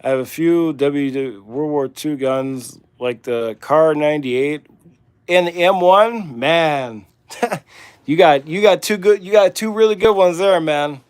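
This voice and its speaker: A man's voice: a little high, takes it slowly, clean tone. A man with a Midwestern accent, hosting a livestream and chatting casually while he works, in a rambling, laid-back way. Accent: Midwestern American. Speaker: livestream host. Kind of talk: casual livestream chat while working on a task.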